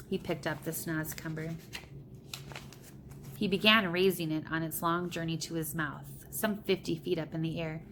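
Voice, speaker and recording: A woman reading a children's storybook aloud with steady, plain narration. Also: sits low, normal speed, slight background noise. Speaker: reader.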